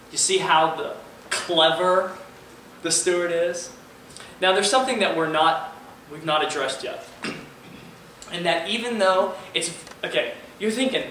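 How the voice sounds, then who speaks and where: Bright-voiced young man preaching. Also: fairly high pitch. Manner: lively, asks the audience questions, acts out quoted characters. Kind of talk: sermon. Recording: echoey room, voice from far off, faint ambient noise.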